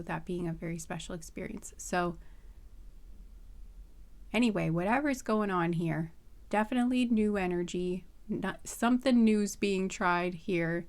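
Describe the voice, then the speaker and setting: A young adult woman giving a casual tarot reading, rambling with many fillers and soft laughs. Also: on the low side. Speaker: tarot reader.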